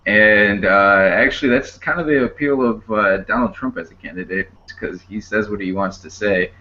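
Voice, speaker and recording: Low-voiced man in lo-fi casual talk. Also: normal speed, pushed and bright. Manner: rambling, many fillers and restarts. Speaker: podcast co-host. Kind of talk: casual discussion.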